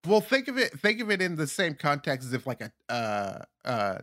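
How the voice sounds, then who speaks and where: Playful young podcast guy, lively voice. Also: a little high, normal speed. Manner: playful, laughs often. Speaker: podcast co-host. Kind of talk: casual chat.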